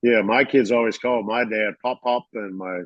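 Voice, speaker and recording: A man's voice: fairly low pitch, fairly even intonation, normal speed, no echo. Guy middle aged, chatty storyteller, dull dry lo-fi sound. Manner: storytelling, acts out quoted voices. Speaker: podcast co-host. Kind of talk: casual chat.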